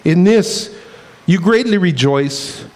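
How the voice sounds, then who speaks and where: A man's voice: high-pitched, lively intonation, slow pace, a little mellow. A man preaching a sermon as pastor, telling stories and laughing at his own jokes.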